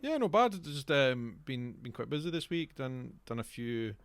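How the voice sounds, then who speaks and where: A Scottish man co-hosting a podcast, talking casually with a lively manner. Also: mid-range voice, a little slow, clear, resonant tone, dry recording. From Scotland. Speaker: podcast co-host. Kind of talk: casual chat.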